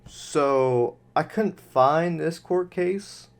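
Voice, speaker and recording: A man's voice: a little high, very slow, vocal fry. A man giving casual, sarcastic, exasperated commentary on a video clip.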